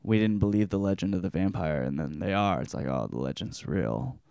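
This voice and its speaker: A man's voice: deep voice, expressive, brisk, gravelly, dark tone, clear, resonant tone, no room sound, clean studio sound, voice pushed down. A man doing a crude, lonely last-man survivor. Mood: resigned. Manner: crude, blunt.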